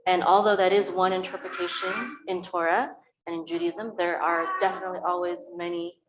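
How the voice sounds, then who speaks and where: A woman's voice: on the low side, little pitch movement, brisk, background noise. A woman sharing a teaching with her congregation, hesitant and full of fillers. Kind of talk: informal sermon talk.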